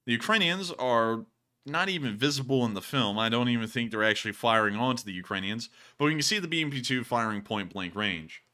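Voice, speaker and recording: A man's voice: medium pitch, expressive, pushed and bright. A man hosting a commentary show, talking casually over video clips in a joking, sarcastic way. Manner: joking, sarcastic, quick to laugh. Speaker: host of a war footage commentary show.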